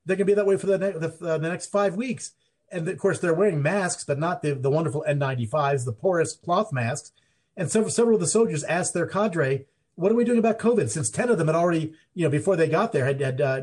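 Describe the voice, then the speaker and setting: A man with a slightly high, somewhat mellow voice appears as a guest in a conversational interview in the Mountain Time Zone. He rambles, with lots of restarts and fillers.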